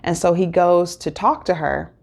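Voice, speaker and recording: A woman talks through an episode recap in an easygoing, rambling way. Her voice sits a little on the low side. She is full of fillers and restarts. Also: fairly even intonation, moderate pace, creaky. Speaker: host.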